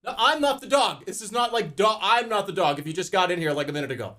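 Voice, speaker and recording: A man's voice: high-pitched, expressive, fast talker, pushed and bright. A man in his forties chatting casually on a live stream, joking and often laughing. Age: 40s. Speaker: livestreamer.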